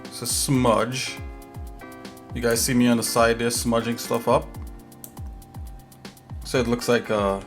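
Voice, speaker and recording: A man's voice: medium pitch, flat delivery, slow, pauses often, faint music behind. A man hosting a casual livestream as a game developer, talking in an easygoing, rambling way with lots of fillers.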